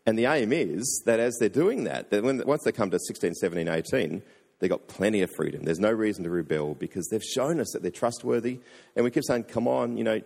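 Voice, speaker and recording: A man's voice: on the low side, lively intonation, fairly quick, vocal fry, darkish tone, breathy edge. A man, a pastor telling a personal story in a sermon, earnest and acting out the voices he quotes. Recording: long hall reverb.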